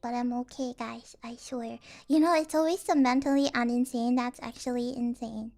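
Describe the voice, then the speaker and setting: A woman's voice: a little high, steady tone, normal speed, gravelly, a little mellow. A young woman streaming casually, rambling and giggling, acting out the people she quotes. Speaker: vtuber streamer.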